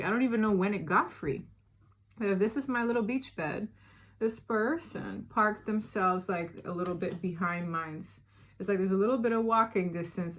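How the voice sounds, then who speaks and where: A woman casually telling a personal story to her viewers, chatty and animated, with many fillers. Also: mid-range voice.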